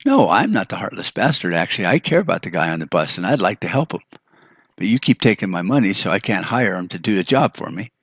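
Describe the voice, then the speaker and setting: A very low, husky man rants on his podcast, swearing freely and turning sarcastic as he goes. The sound is dry and close, with little room around it. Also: very animated, fast, no room sound, highs cut off. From United States. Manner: angry, profane, sarcastic ranting. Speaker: podcast host. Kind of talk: ranting monologue.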